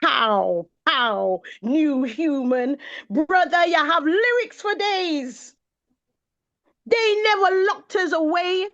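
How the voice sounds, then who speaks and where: A woman from England performing spoken-word poetry in a rhythmic, chant-like way, with sung and exclaimed bursts. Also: high voice. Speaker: poet. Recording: dull lo-fi recording of a live gathering.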